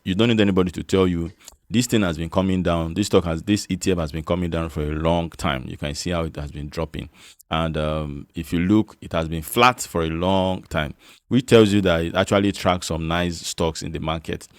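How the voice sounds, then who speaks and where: Nigerian man, very deep voice, chatty coaxing tutorial host, dry close sound. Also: steady tone, brisk, no room sound. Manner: chatty, repeats "you understand?", coaxing. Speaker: investment channel host. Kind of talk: casual screen-share finance tutorial.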